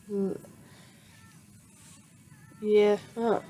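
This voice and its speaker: A woman narrates a homemade fan story at a slow, unhurried pace. She stops and restarts her sentences often, searching for words as she goes. Her pitch sits in the middle range. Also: steady tone, darkish tone, soft background music, poor audio. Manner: halting, with many fillers and restarts. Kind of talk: improvised fan fiction narration.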